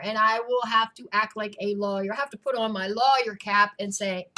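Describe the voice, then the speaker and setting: A woman's voice: on the high side, normal speed, fairly bright tone. A woman co-author in a casual Q&A chat, telling stories in a chatty, amused way. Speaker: co-author answering reader questions.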